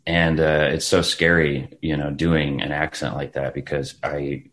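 A man's voice: a bass voice, unhurried. A man, an actor guest, chatting casually in an interview, telling stories with lots of restarts and laughter. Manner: animated storyteller, acts out quotes, laughs often, many restarts.

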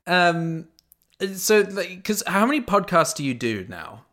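A man co-hosting a podcast, making wry, deadpan quips in casual chat. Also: high-pitched, unhurried. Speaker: podcast co-host.

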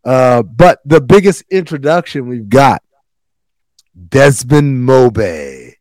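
A man talks through the latest episodes with his co-hosts, swearing freely and getting animated as he goes. His voice sits mid-range and sounds dry and close to the mic. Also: takes it slowly, dry recording. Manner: animated, swearing, jumps into high voices for quotes. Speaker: podcast co-host. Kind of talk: casual recap chat.

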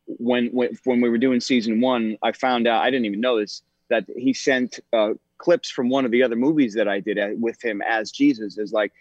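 A man's voice: mid-range voice, fairly even intonation, moderate pace, few pauses, a little mellow, dry recording. A man in his forties talking as an actor and podcast guest in a casual interview, thoughtful, with many ums and restarts. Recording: dull, slightly lo-fi sound.

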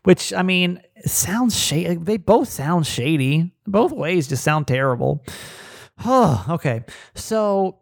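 Gravelly-voiced man telling a wild story. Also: slow, no echo, clean studio sound. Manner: animated, acts out quoted dialogue with rising pitch. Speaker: podcast host. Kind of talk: casual storytelling.

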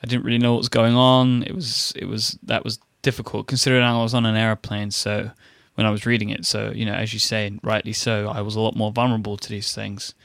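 A British man in casual conversation, talking haltingly with dry understatement. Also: lowish voice, little pitch movement, vocal fry, fairly bright tone, dry recording. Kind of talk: casual chat.

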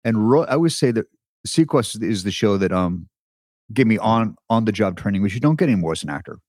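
Podcast co-host, male, low and expressive, dry booth sound, storyteller. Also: brisk, no room sound. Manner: animated storyteller, lively delivery. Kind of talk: casual chat.

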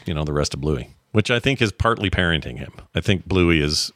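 A middle-aged man co-hosts a podcast, chatting casually in a low, slightly fast voice with clean studio sound and no room echo. He jokes around and tells rambling, animated stories.

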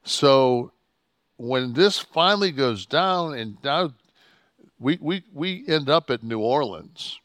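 A man's voice: mid-range voice, animated, slow, fairly bright tone, smooth, no room sound. Profane man telling a heated story. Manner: profane, heated, rambling with restarts. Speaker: podcast co-host telling a wrestling story. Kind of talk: casual storytelling chat.

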